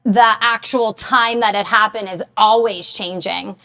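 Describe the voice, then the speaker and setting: A woman in her thirties chats candidly on a casual podcast, with a bright, forceful tone. She talks openly and self-deprecatingly about her routines. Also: medium pitch, fairly even intonation, unhurried. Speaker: guest, strength training gym owner. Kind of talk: casual conversation.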